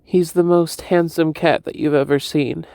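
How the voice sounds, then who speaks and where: A man telling a personal story, laughing often and halting to repeat himself. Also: on the high side, fairly even intonation, gravelly, warm tone, no echo, clean studio sound. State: breathless and dizzy.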